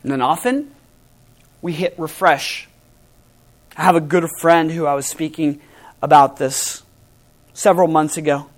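A middle-aged man preaching a sermon as pastor, emphatic and animated, his voice swinging from loud to soft. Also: on the high side, a little slow, pauses often.

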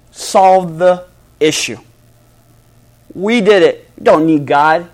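A man's voice: high-pitched, measured pace. Dynamic male pastor preaching. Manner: dynamic, swings between loud emphasis and hushed softness. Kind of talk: sermon. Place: church hall before a congregation.

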